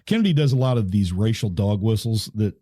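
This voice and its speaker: A man's voice: lowish voice, expressive, fairly quick, mellow, dry recording, clean studio sound. A man, co-hosting a casual podcast chat about politics, wry and rambling with frequent restarts. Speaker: podcast co-host.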